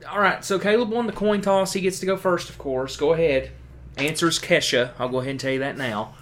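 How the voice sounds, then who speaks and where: A man's voice: fairly high pitch, a little fast, a bit bright, slight background noise. A man co-hosting a podcast, chatting casually and teasing his co-host with jokes. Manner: joking, teasing, rambling with restarts. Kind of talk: casual chat.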